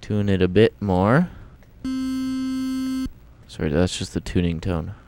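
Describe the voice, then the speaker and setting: A man's voice: low voice, takes it slowly, background noise. A man casually demonstrating computer sound samples on an old home video, talking in offhand, rambling asides that trail off. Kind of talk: casual demo commentary. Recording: old home video with loud music behind.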